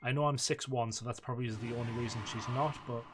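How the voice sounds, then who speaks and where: A young man in relaxed, casual commentary over his own gameplay, thinking aloud with plenty of "uh" and "like". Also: mid-range voice, fast, background noise. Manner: relaxed, reflective, says "uh" and "like" often. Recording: loud game music behind voice. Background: loud game music and game announcer.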